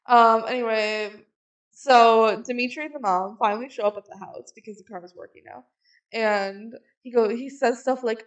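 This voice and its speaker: A woman co-hosting a podcast, chatting casually as she recaps a movie and drops into quick acted quotes of its characters. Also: on the high side. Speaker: podcast co-host.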